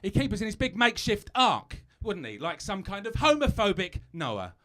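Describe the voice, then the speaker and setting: A man's voice: high voice, wildly swooping pitch, normal speed, heavy background noise. A British man doing a stand-up comedy set on a live stage, chatty and self-mocking, stumbling over asides.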